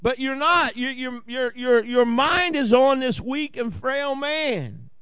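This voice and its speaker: Pastor, male, Southern Ohio accent, high-pitched and folksy, dry close-miked sermon delivery. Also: lively intonation, slow, a bit bright, smooth, no echo. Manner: folksy, jokey asides and repeated "Amen?" to the congregation.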